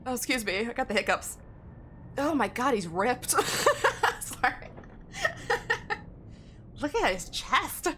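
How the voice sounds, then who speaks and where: A woman's voice: on the high side, sing-song, slow, pauses often, pushed and bright, a little hiss or hum. A woman game streamer in casual live-stream chat, rambling and giggling as she talks to her viewers.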